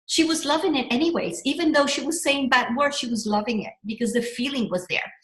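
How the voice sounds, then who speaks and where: Middle-aged female coach, higher voice, rambling and animated, echoey room. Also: brisk. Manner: animated, rambling, with restarts and self-corrections. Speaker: business coach. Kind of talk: motivational workshop talk.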